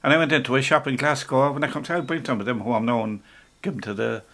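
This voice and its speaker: An older man with an Irish accent, reminiscing in a relaxed, rambling way, often stopping to restart and chuckling as he talks. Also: medium pitch, fast. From Ireland. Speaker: interviewee. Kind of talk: casual reminiscing.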